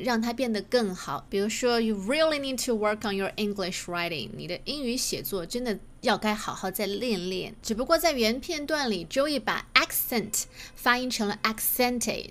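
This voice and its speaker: A woman teaching English through sitcom clips, explaining clearly and reading English examples slowly. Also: on the high side, fairly bright tone.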